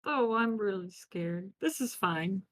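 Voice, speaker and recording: A woman's voice: medium pitch, lively intonation, slow pace. A woman playing her character at a tabletop game, playful and tearful, laughing often. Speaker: player.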